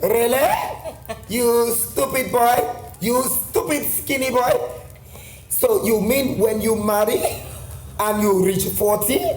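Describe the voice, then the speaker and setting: A man putting on a Nigerian accent to play a scolding Nigerian mother, shrill and mocking, repeating her insults. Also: fairly even intonation, slow pace, roomy sound, poor audio. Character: scolding Nigerian mother, middle-aged woman, exasperated.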